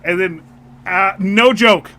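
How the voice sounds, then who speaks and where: A man's voice: high-pitched, slow pace. A man co-hosting a podcast, telling a story in casual chat and laughing often. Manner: animated storyteller, laughs a lot. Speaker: podcast co-host.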